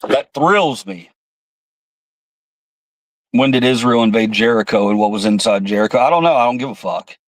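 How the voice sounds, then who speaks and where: A man hosts a political livestream and rants with heat and plenty of cursing, stopping now and then to read out chat comments. His voice sits at a middle pitch and sounds dry and close, with almost no room echo. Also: expressive, moderate pace, pauses often. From United States. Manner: heated, profane, reads chat comments aloud. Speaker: livestream host. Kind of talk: angry political livestream rant.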